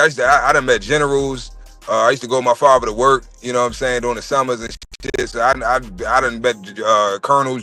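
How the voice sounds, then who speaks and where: A man in his thirties telling a personal story in casual chat, profane and animated. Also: mid-range voice. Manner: profane, animated storytelling, acts out quoted voices.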